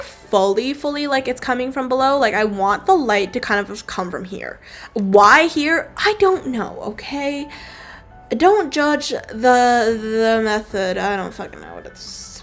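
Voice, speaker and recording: A woman's voice: on the high side, animated, a little slow, fairly bright tone. Rambling young woman narrating her drawing. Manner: rambling, offhand, casually swearing. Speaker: digital artist streamer. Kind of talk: casual drawing commentary. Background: faint background music.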